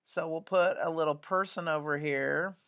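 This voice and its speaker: A woman's voice: low-pitched, steady tone, normal speed, a bit bright. A woman art teacher talks students through a drawing demonstration, chatty and often checking in with "right?".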